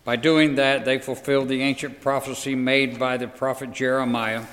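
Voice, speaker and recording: Male reader with a bright, crisp edge and a steady pace, in a reverberant hall. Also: medium pitch, moderate pace. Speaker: scripture reader. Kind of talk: reading aloud.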